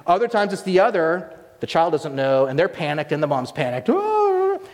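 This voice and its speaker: Pastor, male, lively sermon delivery with acted-out quotes, slightly high voice, big echoing hall. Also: moderate pace. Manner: animated, acts out quoted voices.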